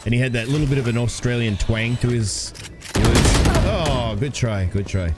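A man's voice: mid-range voice, normal speed. A man streaming a game live, chatting casually, cracking jokes, swearing and playing up a mock Australian twang. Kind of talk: casual live gaming commentary. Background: game music and gunfire.

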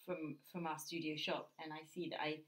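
Woman, British accent, low voice, art teacher, gentle, thinks aloud mid-drawing. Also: little pitch movement, normal speed. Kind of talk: drawing lesson while working.

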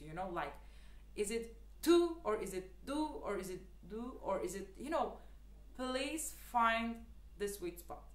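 A woman's voice: mid-range voice, reverberant. A woman teaching the clarinet in a casual, chatty way, with lots of fillers and earnest, repeated advice. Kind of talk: casual spoken tutorial.

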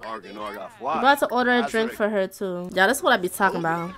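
A young woman giving casual, chatty let's-play commentary, talking straight to her viewers with excited squeals. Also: medium pitch, brisk, music in the background. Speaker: gaming YouTuber.

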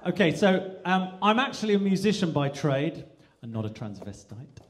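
A man from England performing stand-up live on stage, with a slightly high voice that swoops widely in pitch. His delivery is animated, and he keeps slipping in and out of mimicked accents. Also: normal speed, a little hiss or hum. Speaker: stand-up comedian. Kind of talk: stand-up comedy routine.

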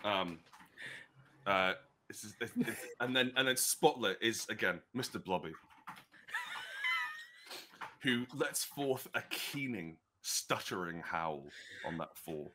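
A man's voice: on the low side, animated, slow pace, pauses often, sharp tone, slight background noise. A man narrating as game master of a tabletop game, rambling and chatty with many restarts.

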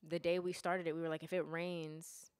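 A young adult woman, a filmmaker guest, chatting casually and quickly with lots of fillers in a radio studio. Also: deep voice, level tone, a little mellow, smooth, no echo. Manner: quick, loose, full of fillers. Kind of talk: casual chat. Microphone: studio mic.

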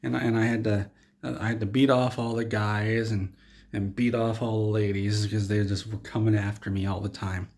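Man, lowish voice, deadpan, rambling, restarting sentences, in-character comedy storytelling. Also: moderate pace. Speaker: comedy vlogger.

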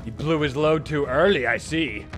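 A young man giving casual, profane commentary over his own gameplay, swinging from muttering to yelling. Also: fairly high pitch, moderate pace. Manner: profane, excitable, frequent yelling. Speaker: gaming YouTuber.

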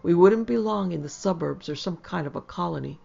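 A woman reading the lines of a proud, brisk city wife who has moved to the country, in a prim, commanding manner. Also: lowish voice, creaky, mellow. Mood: musing, proud. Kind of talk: audiobook character voice. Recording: slightly dull lo-fi audio.

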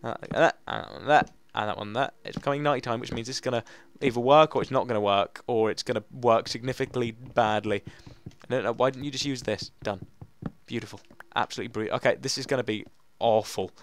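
A man's voice: mid-range voice, a little fast, a bit bright. A man giving casual gaming commentary, chatting to himself and joking with mock drama. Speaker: Let's Play gamer.

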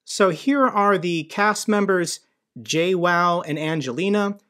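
A man's voice: sits high, slow pace, fairly bright tone. A man from the United States hosting an online news commentary, talking with sardonic, mocking asides. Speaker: commentary channel host.

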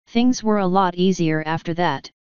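Smooth-voiced woman audiobook narrator. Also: fairly low pitch, moderate pace, a little mellow, no room sound, highs cut off.

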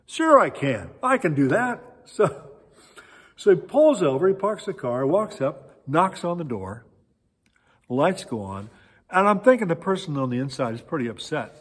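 A male pastor delivers a sermon in a husky voice, his pitch rising and falling in lively swings as he tells a story. He stops often to search for words, and the church hall around him gives a long, echoey reverb. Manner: animated storytelling with many pauses and fillers. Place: church sanctuary.

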